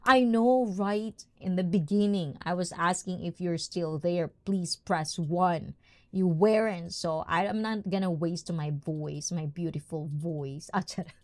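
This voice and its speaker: A woman's voice: fairly low pitch, a little slow, a little mellow. A bubbly, giggly woman of Filipina-Japanese background chatting casually as a livestream host, greeting viewers one after another. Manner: bubbly, giggly, mixes in Tagalog and Japanese words. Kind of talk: casual livestream chat reading the chat.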